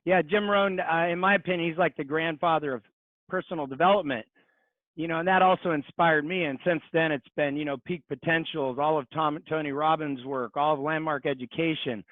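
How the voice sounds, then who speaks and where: A man in his forties, a podcast guest, talking in an earnest, reflective way with many pauses. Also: a little high, steady tone, dry recording. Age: 40s. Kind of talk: casual interview chat. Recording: tinny phone-like line.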